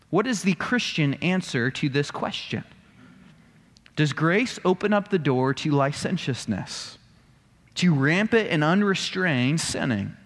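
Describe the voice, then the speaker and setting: Male pastor, slightly high, very animated pitch, sermon in a reverberant church. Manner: emphatic, rhetorical questions.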